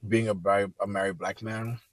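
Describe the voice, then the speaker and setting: A man's voice: fairly low pitch, little pitch movement, a little fast, no room sound. A young man, a podcast guest, talking candidly and reflectively about marriage in casual conversation, with frequent fillers.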